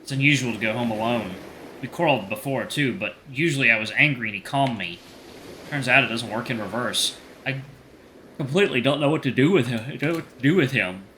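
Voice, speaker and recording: A man voicing an anxious, sensitive teenage boy, reading a visual novel aloud in a slightly halting, earnest way. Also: mid-range voice, bright, forceful tone, slight background noise, close to an everyday voice.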